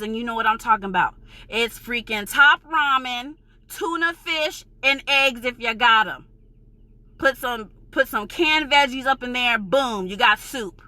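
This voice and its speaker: A woman's voice: fairly high pitch, pushed and bright, no echo. A woman from New York with a New York accent, ranting in a vlog, heated, emphatic and profane, insisting she is passionate, not angry. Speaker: vlogger.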